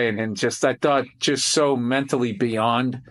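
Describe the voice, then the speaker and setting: A comedian in casual chat on a video call, talking reflectively and haltingly. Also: male voice, mid-range voice, fairly bright tone. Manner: reflective, halting, lots of fillers.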